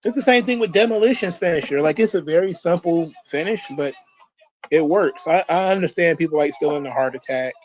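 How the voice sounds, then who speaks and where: A man with a fairly high voice rambles casually as he comments along with a wrestling event. He swears freely and circles back on his own thoughts. His voice comes through dull and lo-fi. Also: brisk, darkish tone, slight background noise. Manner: loose, profane, rambling. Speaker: host of a wrestling watch-along.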